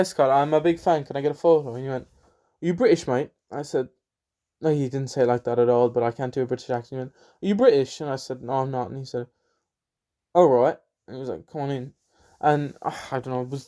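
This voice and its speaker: A young man with an Irish accent talks on his solo podcast, his voice sitting a little high. He rambles casually, doubling back on himself and poking fun at himself as he goes. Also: darkish tone, clear, resonant tone. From Ireland. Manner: rambling, chatty, self-deprecating. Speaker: podcast host.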